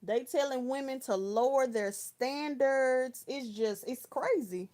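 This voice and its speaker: Brief: woman, around thirty, from Texas, livestream host, slangy storyteller, slightly high voice. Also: slow, a little mellow. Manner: chatty storytelling with slang, talking to viewers by name. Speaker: live chat host. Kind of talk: casual livestream chat, reading viewer comments.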